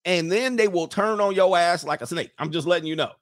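A man's voice: high voice, brisk, no echo, clean studio sound. A man hosting a commentary show who reacts to a clip and makes his points emphatically, hammering them home by repeating them. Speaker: host.

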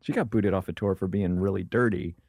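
A man co-hosting a studio talk show, reacting quickly and chatting casually with his guest. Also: low-pitched, a little mellow, no echo. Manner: chimes in with quick reactions and laughs. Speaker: co-host. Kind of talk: casual chat. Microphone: studio microphone.

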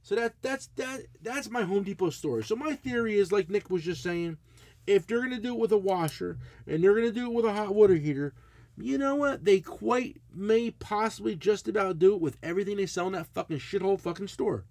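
A middle-aged man with a high-pitched voice talks briskly on a dry recording. As a podcast co-host in casual chat, he tells a profane, blunt story, animated and swearing as he rants.

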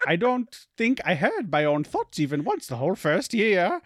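A man voicing a teasing, pious old Amish grandmother in a loud, raised voice with drawn-out words. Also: sits high, wildly swooping pitch, no echo, clean studio sound, pitched above the performer's own voice, exaggerated voice.

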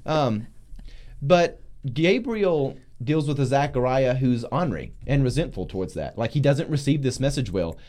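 A pastor talking through scripture in a casual discussion, acting out biblical figures with loud, slow emphasis. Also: male voice, mid-range voice. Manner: animated, acts out voices of biblical figures loudly and slowly. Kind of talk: preaching in a casual group discussion.

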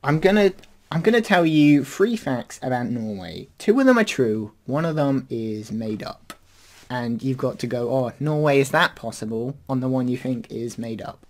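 A man's voice: mid-range voice, animated, normal speed, darkish tone. A man hosting a podcast in casual chat, rambling and hesitant with lots of fillers. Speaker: podcast host.

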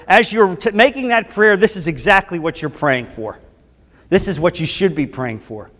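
A male pastor delivers his sermon in a high, ringing voice. He drives his points with impassioned emphasis. The sound carries a long, echoing hall reverb. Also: expressive, moderate pace, fairly bright tone. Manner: impassioned preaching, rising to emphatic declarations.

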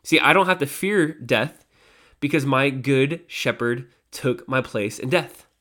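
A man's voice: medium pitch, unhurried, pushed and bright. A man hosting a devotional podcast, teaching a psalm in a conversational way with fillers and self-corrections.

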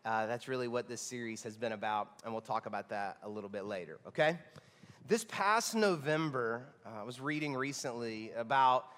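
A hoarse man preaching as a pastor, talking in an excited, chatty way. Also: mid-range voice, normal speed, in a large hall. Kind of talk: sermon. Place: church auditorium.

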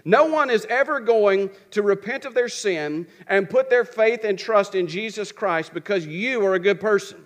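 A man's voice: high-pitched, normal speed, hardly any pauses. A man preaching a sermon. He asks questions and answers them himself, and repeats phrases for rhythm.

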